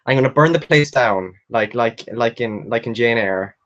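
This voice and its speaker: A man's voice: mid-range voice, normal speed, a bit bright, muffled recording. A young man in the middle of his own voice range, talking off the cuff to a live audience. He rambles and gushes about books and people he admires, peppering everything with "like" and the occasional curse, and answers comments as they arrive. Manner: rambling and gushing, with frequent "like" fillers and swearing; reads viewer comments aloud and answers them. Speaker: booktuber hosting a live stream. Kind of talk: casual live-stream chat.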